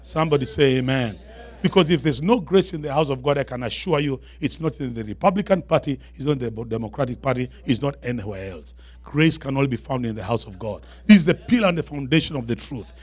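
A man's voice: mid-range voice, lively intonation, a little mellow. A man with an African accent preaching a sermon in church, moving from chatty asides to rising, emphatic declarations and calls for the congregation to answer. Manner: builds to raised, emphatic declarations with call-and-response; quick asides with humor to the congregation. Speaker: guest preacher.

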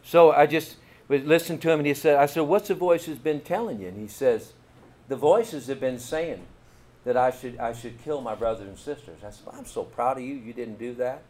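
Kentucky preacher guy, middle-aged, folksy and animated, keeps asking the church "amen?". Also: mid-range voice, brisk. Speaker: pastor. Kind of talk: storytelling sermon.

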